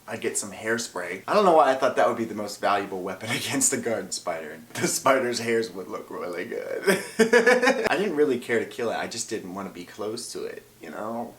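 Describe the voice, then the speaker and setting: A young man spins a comic story from his childhood in a casual, lively way, acting out scenes and breaking into shouts. His voice sits at an ordinary pitch. The room around him rings with noticeable echo. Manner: animated, acts out his childhood self and yells in bursts; eats while talking. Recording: echoey room.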